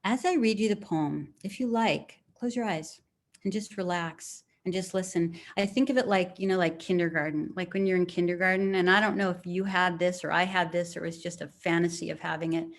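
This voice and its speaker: A middle-aged woman leading a live writing lesson over a video call, speaking in a relaxed, encouraging way and reading poems aloud slowly. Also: on the low side. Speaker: writing teacher.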